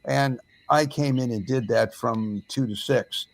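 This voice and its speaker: A man's voice: medium pitch, a little slow, gravelly. An older man, a former radio DJ, telling stories about his career in a casual chat, with frequent fillers.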